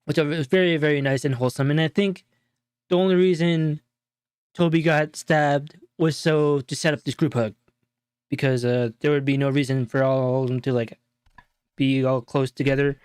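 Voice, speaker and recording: A man co-hosting a show, casually breaking down a movie in a rambling, animated retelling full of fillers. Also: on the high side, smooth, no echo, clean studio sound. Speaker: show co-host.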